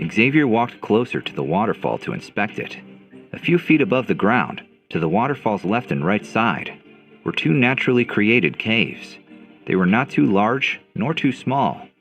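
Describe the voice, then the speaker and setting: A man's voice: sing-song, moderate pace, fairly bright tone. A man narrating a fantasy audio novel in a dramatic storytelling manner. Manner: dramatic storytelling, swinging pitch. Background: faint background music.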